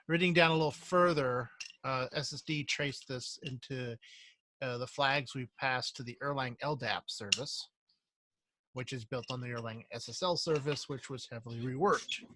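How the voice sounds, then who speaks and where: A man's voice: mid-range voice, bright, forceful tone, no room sound. Man thinking aloud on a dry video call. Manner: thinking aloud, halting restarts. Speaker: software engineer in triage meeting. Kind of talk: casual work meeting.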